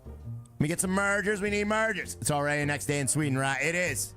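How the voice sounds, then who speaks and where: A young man live-streams a game in a sharp, fairly quick voice on the high side, with faint music behind him. Chatty and joking, he talks both to himself and to his viewers, sometimes breaking into sung lines.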